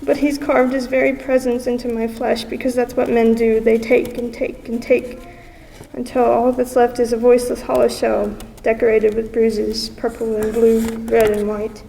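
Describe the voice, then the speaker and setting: A young woman with a gravelly, dark voice reads spoken-word poetry with intense drama, held to a narrow pitch range. She sounds distant from the mic, with a long hall reverb and faint background noise. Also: monotone, normal speed. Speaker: student poet.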